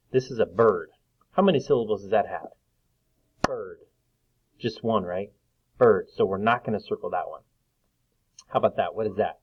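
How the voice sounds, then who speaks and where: A patient man teaching young children to read, slowing down to stretch words into their beats and rising brightly on the answers. His voice sits low. The recording sounds dull and lo-fi, like a home video. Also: husky. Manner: patient, slow and sing-song, clapping out syllables.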